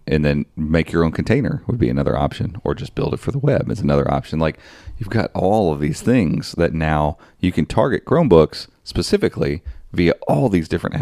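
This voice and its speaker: A man co-hosting a podcast, chatting casually about tech and thinking aloud in a rambling, animated way. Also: very deep voice, no room sound, clean studio sound. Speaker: podcast co-host.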